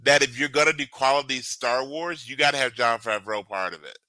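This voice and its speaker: A man's voice: mid-range voice, bright, forceful tone, no room sound, rough recording. A man co-hosting a podcast in a playful, enthusiastic casual chat. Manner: playful, enthusiastic, quick to laugh. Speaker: podcast co-host.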